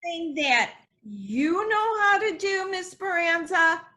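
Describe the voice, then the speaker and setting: Slow, lively high-voiced woman teacher. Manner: reads aloud slowly with exaggerated expression. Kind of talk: scripted reading lesson for young children.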